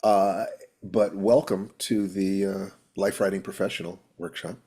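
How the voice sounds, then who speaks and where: A man's voice: low-pitched, level tone, measured pace, warm tone, husky. A man hosting a writing workshop over a video call, talking in an easygoing, affectionate, musing way. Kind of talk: casual workshop chat.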